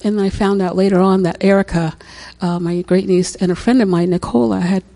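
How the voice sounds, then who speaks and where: Older woman, gravelly voice, middle pitch, casual testimony, laughing, repetitive. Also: fairly even intonation, fairly quick, dark tone. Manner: chatty, laughs often, repeats herself. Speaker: speaker sharing a testimony. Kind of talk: personal story, casual testimony.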